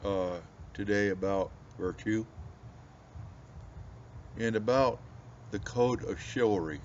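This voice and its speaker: A man's voice: fairly low pitch, takes it slowly. A man from the United States, a pastor chatting casually to viewers in a rambling, folksy way with many restarts. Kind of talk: casual pipe-smoking video chat. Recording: slightly dull audio with faint background noise.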